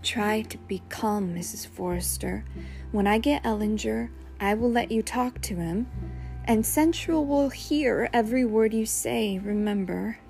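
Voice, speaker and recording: A woman's voice: on the high side, measured pace, gravelly, soft background music. A woman doing an earnest young man soothing. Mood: calming. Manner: soothing, urging calm.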